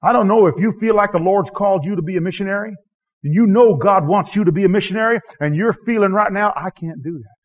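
A man preaching a sermon as a missionary preacher, swinging from shouting to hushed tones and chuckling often. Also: high-pitched, quick pace. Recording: dull lo-fi recording.

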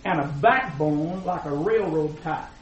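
An older man preaching a fiery, folksy sermon in a church, swinging from shouted lines to low asides. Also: measured pace. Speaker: pastor. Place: church sanctuary with congregation. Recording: muffled, echoey church recording with crowd.

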